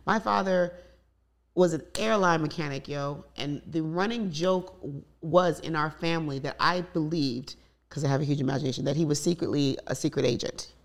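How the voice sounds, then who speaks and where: A woman's voice: low-pitched, normal speed, vocal fry. A woman in candid conversation, telling personal stories openly with many asides. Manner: open, storytelling with many asides. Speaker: guest.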